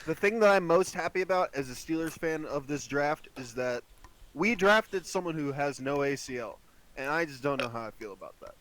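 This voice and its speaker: A man's voice: fairly high pitch, lively intonation, moderate pace, a bit bright, rough recording. A young man co-hosting a casual podcast, teasing dryly and swearing, heard through a built-in computer microphone on a remote call. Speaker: podcast co-host. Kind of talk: casual chat.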